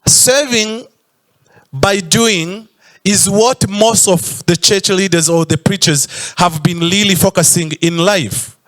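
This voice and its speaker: A man's voice: sits high, slow pace, a bit bright. A man preaching a sermon in church, stretching out emphatic phrases and sometimes breaking into a sung tone. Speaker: pastor.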